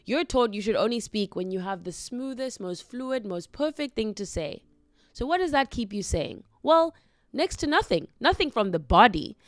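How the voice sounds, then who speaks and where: A woman's voice: a little high, animated, no echo. Earnest woman with a dry close voice. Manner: slow, earnest, gently encouraging. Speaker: podcast host. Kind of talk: reflective heartfelt monologue.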